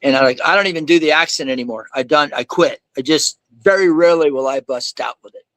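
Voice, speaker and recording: A man speaking as a guest in casual conversation, telling stories in an animated way and acting out the people he quotes. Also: a little high, quick pace, dry recording, poor audio. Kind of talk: casual storytelling.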